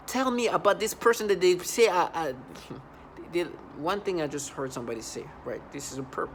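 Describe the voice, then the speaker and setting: A man's voice: high-pitched, normal speed, slight background noise. A man vlogging an angry monologue, agitated and repetitive, often stumbling and restarting his sentences.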